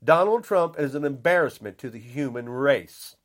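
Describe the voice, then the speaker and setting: A man's voice: medium pitch, expressive, moderate pace. An older man delivering an angry, blunt rant, repeating himself and saying how upset he is. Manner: indignant, repetitive, blunt.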